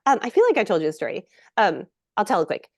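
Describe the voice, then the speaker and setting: Animated woman telling stories. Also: mid-range voice, quick pace, no echo, clean studio sound. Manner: animated storyteller, acts out quotes. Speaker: actress guest. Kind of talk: casual interview chat.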